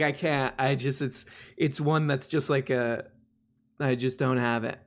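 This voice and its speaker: A man's voice: mid-range voice, fairly even intonation, measured pace. A man hosting a casual live stream, rambling and laughing at himself as he reads requests. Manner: rambling, laughing, self-mocking. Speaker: streamer host.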